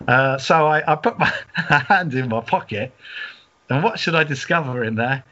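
A man's voice: mid-range voice, moderate pace, sharp tone. A middle-aged man from England, co-hosting a podcast, telling a long story in a rambling way, laughing and restarting often. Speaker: podcast co-host. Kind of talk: casual storytelling chat. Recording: dull lo-fi audio.

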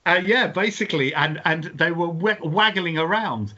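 A man co-hosting a comedy podcast, telling an odd story in an animated way and often laughing as he talks. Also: on the high side, moderate pace. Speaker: podcast co-host. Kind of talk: comic storytelling. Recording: dull lo-fi sound.

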